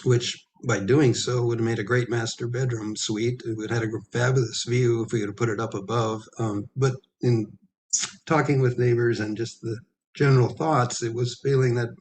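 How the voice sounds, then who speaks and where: Man presenting with frequent throat clearing. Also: mid-range voice, fairly even intonation, a little mellow. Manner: halting, many ums and throat clearing. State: losing his voice. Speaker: architect presenting to a planning commission. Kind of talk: public meeting presentation. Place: town hall meeting room.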